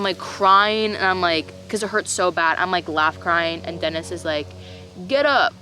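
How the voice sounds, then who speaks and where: A woman's voice: medium pitch, pushed and bright, a little hiss or hum, rough recording. A young woman in her twenties telling a personal story in casual storytime style, dramatic, swearing freely and filling her talk with "like". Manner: dramatic, heavy on "like" fillers and swearing.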